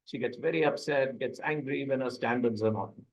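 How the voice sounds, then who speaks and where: A man's voice: mid-range voice, fairly quick, close to an everyday voice, low-quality recording. A man reading as a worried office worker. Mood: troubled.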